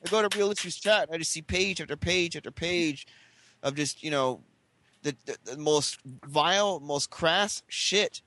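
A man's voice: fairly high pitch, normal speed, bright, forceful tone, no room sound. A man in casual chat who explains himself defensively, stumbling and restarting his words.

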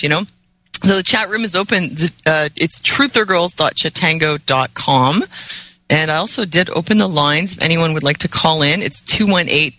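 A woman's voice: on the low side, bright, forceful tone, low-quality recording. A woman hosting a call-in talk show, teasing her guest in playful banter.

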